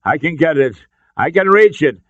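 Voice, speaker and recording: A man voicing a reckless adventurer hero, strained and yelling, in a story reading. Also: on the high side, expressive, normal speed, dry recording, highs cut off, pitched above the performer's own voice. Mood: desperate.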